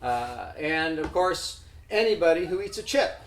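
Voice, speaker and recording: A man with a fairly high voice pitches an invented business on the spot, stumbling over fillers and laughing at his own lines. He is recorded in an echoey room with clear background noise. He talks loosely and keeps stopping to chuckle. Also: lively intonation, measured pace. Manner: hesitant, filler-heavy, laughing at himself. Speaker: pitch presenter. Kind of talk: improvised comic pitch. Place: event room.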